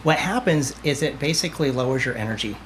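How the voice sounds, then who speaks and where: A man's voice: medium pitch, quick pace, a little hiss or hum. A man, a medium, chatting as a podcast guest and telling stories with acted-out dialogue. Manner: lively storyteller, acts out dialogue. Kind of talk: casual interview chat.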